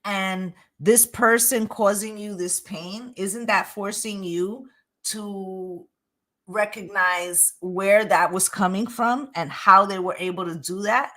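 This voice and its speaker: Bright, emphatic woman tarot reader. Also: medium pitch, fairly even intonation, slow pace, rough recording. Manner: emphatic, profane, keeps asking "right?". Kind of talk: casual spoken tarot reading.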